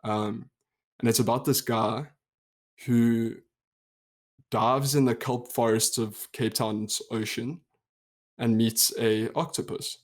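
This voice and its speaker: A young South African man co-hosting a podcast, talking in an easygoing, reflective way and laughing easily. His voice sits at a typical middle pitch. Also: fairly even intonation, slow, pauses often. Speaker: podcast co-host. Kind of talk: casual chat.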